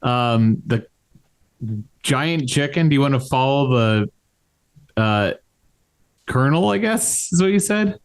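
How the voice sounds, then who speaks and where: A man narrating a tabletop game as game master, quick and often laughing. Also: medium pitch, expressive, clear, resonant tone, dry recording.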